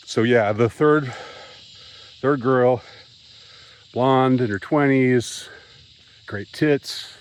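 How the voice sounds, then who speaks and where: A man's voice: mid-range voice, clean tone, poor audio. A man vlogging an upset, rambling monologue to camera, stumbling and repeating himself as he talks. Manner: agitated, halting, repeats himself.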